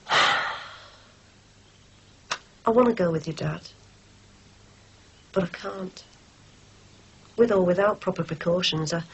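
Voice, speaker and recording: A woman's voice: mid-range voice, slightly rough. An actress playing a troubled middle-aged Catholic mother, anxious and searching. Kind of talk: 1980s TV soap acting.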